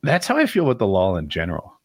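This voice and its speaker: A man with a lowish, lively voice that swings up and down as he muses aloud in a casual podcast chat. The sound is dry and close, with no room echo. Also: fast. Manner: reflective, wondering aloud, laughs easily. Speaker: podcast co-host.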